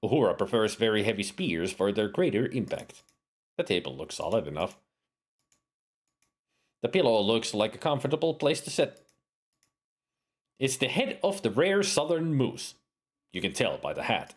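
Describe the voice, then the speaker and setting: A man's voice: fairly low pitch, big pitch swings, normal speed, long pauses. A man streaming a game, reading its text aloud and joking about his own accents. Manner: joking, self-mocking asides. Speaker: streamer playing a video game.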